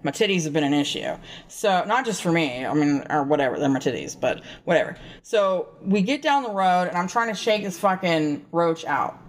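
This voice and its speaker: Low-voiced, profane woman telling a story. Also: moderate pace, few pauses. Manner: profane, rambling, animated storyteller. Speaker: podcast co-host. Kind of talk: casual storytelling chat.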